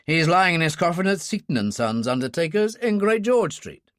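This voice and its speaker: A man voicing an older male intelligence chief who speaks crisply and commandingly in an audiobook reading. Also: fairly high pitch, sing-song, moderate pace, a bit bright, no echo, clean studio sound, pitched above the performer's own voice. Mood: brisk.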